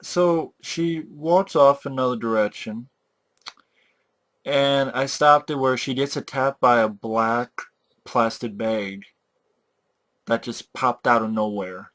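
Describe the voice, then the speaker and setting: A man's voice: medium pitch, slow pace, a bit bright. A young man ranting about a movie, exasperated and mocking, with heavy swearing. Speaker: movie reviewer. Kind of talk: profane movie rant.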